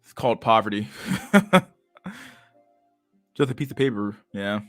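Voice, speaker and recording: A young man hosts a casual livestream, reacting to chat in crude slang and laughing often. His voice sits lowish. The sound is close and dry, with faint music behind it. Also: unhurried, fairly bright tone, no room sound. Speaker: livestream host reading chat.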